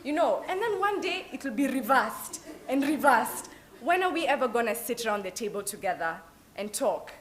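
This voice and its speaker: Lively Kenyan woman, higher voice. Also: normal speed. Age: young adult. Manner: lively, mixes in Swahili phrases. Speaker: alumna speaker. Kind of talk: motivational talk. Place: event hall at an open day.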